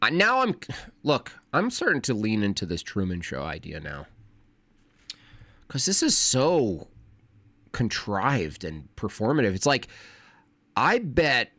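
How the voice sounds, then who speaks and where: A man on a casual livestream, talking fast and wordily with frequent restarts. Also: fairly low pitch, wildly swooping pitch, a bit bright, no room sound. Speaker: streamer.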